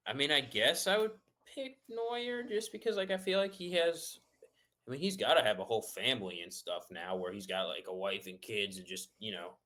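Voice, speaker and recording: Bright-voiced rambling male guest. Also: mid-range voice, lively intonation, normal speed. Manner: rambling, many fillers and restarts. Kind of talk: casual chat.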